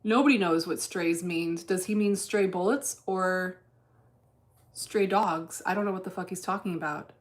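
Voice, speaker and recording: A woman hosting a casual livestream, reading chat aloud while day trading, blunt and deadpan with plenty of profanity. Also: fairly low pitch, moderate pace.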